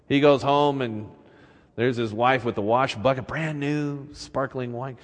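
A man preaching a sermon who turns to telling a fairy tale, with an animated, chuckling storytelling manner. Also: medium pitch, measured pace, big-room sound. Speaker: pastor.

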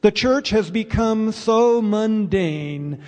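High-voiced pastor preaching slowly in a hall. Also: male voice, animated, a little mellow. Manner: earnest, explanatory preaching with pauses. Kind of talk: sermon. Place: church sanctuary. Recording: reverberant church hall.

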